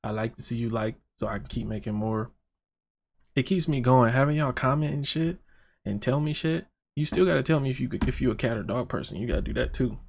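Gravelly, rambling man reacting to music. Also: medium pitch, brisk. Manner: rambling, profane, joking with viewers. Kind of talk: casual reaction commentary.

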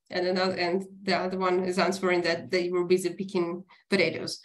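A woman whose first language is Ukrainian, from Ukraine, giving an online lecture in a halting way with many fillers and self-corrections. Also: lowish voice, completely flat delivery. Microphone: video call.

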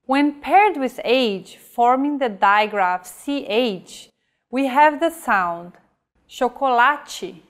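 A woman's voice: sits high, animated. A woman teaching pronunciation in a scripted lesson, speaking carefully and saying each example word on its own. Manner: careful, measured teaching delivery with modeled example words. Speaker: language teacher.

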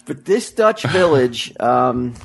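A man's voice: mid-range voice, expressive, slow pace, gravelly, husky. A man rambling in casual comedic chat, often searching for the right word.

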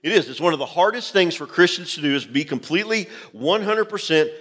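A man's voice: fairly high pitch, lively intonation, brisk, a bit bright. A man preaching a sermon as pastor to his congregation, emphatic and direct, repeating key phrases. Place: church sanctuary. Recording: long hall reverb from a church.

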